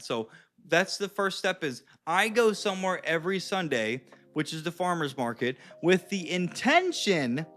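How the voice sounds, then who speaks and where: A man's voice: high voice, fairly bright tone. A man of thirty giving casual coaching advice to viewers, chatty and profane, calling them guys and dude. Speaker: dating and confidence coach.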